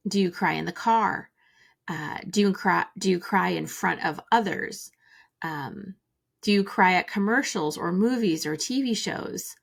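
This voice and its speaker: A woman hosting a reflective solo talk, speaking gently and musingly with many fillers. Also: lowish voice, unhurried, gravelly. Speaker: podcast host.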